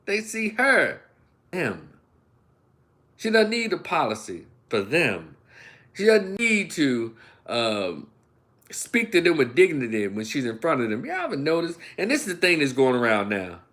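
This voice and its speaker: A man's voice: a little high, measured pace. A middle-aged man from Memphis with a Southern American accent, hosting a ranting opinion commentary and talking folksily to his listeners. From Memphis, United States. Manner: animated, acts out voices and imitations; folksy, addresses listeners as y'all. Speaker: commentary channel host.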